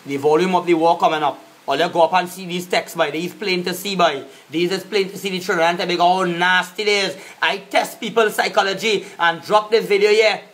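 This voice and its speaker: A man's voice: sits high, fairly even intonation, brisk, few pauses, a bit bright. A man with a Trinidadian accent ranting on a live stream, cussing and repeating himself as he confronts people. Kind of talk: angry live-stream rant.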